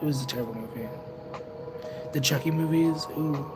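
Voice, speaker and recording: A young man chatting casually with viewers on a livestream, rambling and second-guessing himself out loud. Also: on the high side, moderate pace. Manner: rambling, self-conscious, overthinks aloud. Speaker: livestreamer and tarot reader. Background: music playing in the background.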